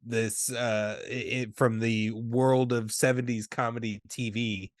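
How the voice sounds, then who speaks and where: A man in casual podcast talk about a film, relaxed and rambling, often trailing off into quiet asides. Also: mid-range voice, measured pace, no room sound, clean studio sound. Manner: relaxed, rambling, many fillers and restarts, drops to quieter asides. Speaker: podcast co-host. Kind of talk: casual movie discussion.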